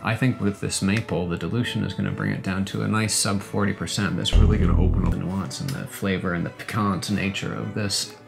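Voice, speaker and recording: A man co-hosting a comedic whisky review, talking in a mock-formal, deadpan pseudo-expert way. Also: low voice, brisk, gravelly, hardly any pauses, over music. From Canada. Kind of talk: mock-pompous banter.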